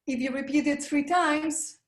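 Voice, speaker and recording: Woman voice coach on a webinar, kinda high voice, encouraging, roomy echo. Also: fairly even intonation, a little slow. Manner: encouraging, leads breathing and vocal warm-ups.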